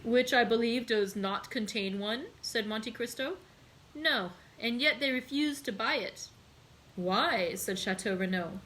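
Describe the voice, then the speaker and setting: A woman hosting a library read-aloud, reading a classic novel and lifting her voice for excited dialogue. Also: measured pace, slight background noise, low-quality recording. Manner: voices characters with raised pitch in excited dialogue.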